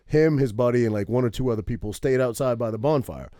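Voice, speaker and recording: This podcast co-host, a man from Maine, launches into a lengthy story full of profanity and "right?" tags, animated and casual throughout. His medium-pitched voice moves at a quick pace, with no echo and studio-quality sound.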